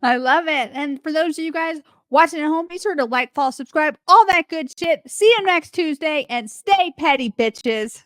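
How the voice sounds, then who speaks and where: A woman's voice: high voice, normal speed, hardly any pauses, fairly bright tone, no echo. A woman hosting a casual interview podcast, playful, laughing often and swearing freely. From Puerto Rican heritage. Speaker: podcast host.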